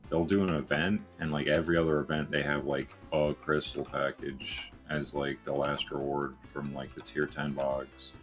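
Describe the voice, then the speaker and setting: A man chatting casually while gaming, relaxed and drawn out, with many fillers. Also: a bass voice, moderate pace, hardly any pauses. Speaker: fellow gamer. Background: game music.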